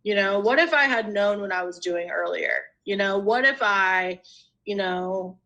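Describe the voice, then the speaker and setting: A woman's voice: medium pitch, a little slow, bright, forceful tone, low-quality recording. A young adult woman, a podcast guest, telling her personal recovery story in a rambling, casual way, full of "you know" and "like".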